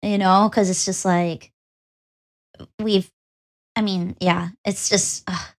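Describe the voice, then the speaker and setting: A woman's voice: mid-range voice, level tone, slow pace. A woman co-hosting a VTuber podcast in casual chat, giggly and often trailing off mid-sentence.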